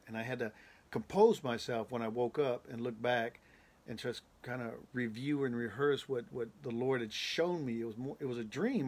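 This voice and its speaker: Emphatic male pastor recounting a dream. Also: mid-range voice. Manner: emphatic, repetitive, building intensity. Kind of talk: preaching testimony of a prophetic dream.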